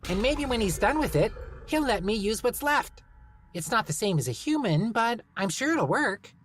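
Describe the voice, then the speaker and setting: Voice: mid-range voice, big pitch swings, moderate pace, slightly rough, voice pushed up. A reader voicing a haughty, blunt, bearded female garden gnome with a grim streak, in an audiobook reading. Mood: eager. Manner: haughty, blunt, matter-of-fact.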